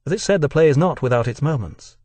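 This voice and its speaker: Measured male documentary narrator, dry sound. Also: fairly high pitch, expressive, a little mellow, no echo. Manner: measured, deliberate delivery.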